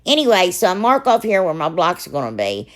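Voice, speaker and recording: A woman, hoarse and froggy from a sore throat, narrating a crafting video in a rambling, chatty way with lots of asides. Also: lowish voice, huge pitch swings, fairly quick. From Ohio, US. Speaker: crafting channel host. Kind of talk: casual DIY voice-over narration.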